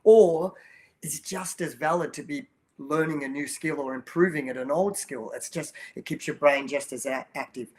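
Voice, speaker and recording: Higher-voiced older man telling a story. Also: moderate pace, a little mellow. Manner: storytelling, earnest, many restarts and you-knows. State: choked up while telling a story. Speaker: guest, children's movement program coach. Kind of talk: casual interview talk.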